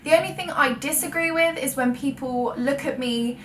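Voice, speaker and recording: A woman's voice: high voice, normal speed. Chatty young woman vlogger. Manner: chatty, self-correcting, laughs at own word slips. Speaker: full-time blogger and vlogger. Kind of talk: frank sit-down chat to camera. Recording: echoey room, mic at a distance, faint ambient noise.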